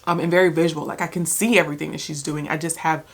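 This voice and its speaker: A woman's voice: low voice, steady tone, fast talker. A young woman chatting casually in a book vlog, rambling with many restarts and fillers, sometimes talking while she eats. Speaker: book vlogger.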